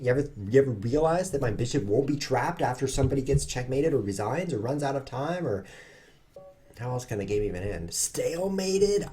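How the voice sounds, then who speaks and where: A man's voice: mid-range voice, a little mellow, slight background noise. A man giving rambling, self-mocking live commentary while he plays online chess at his computer. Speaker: chess streamer.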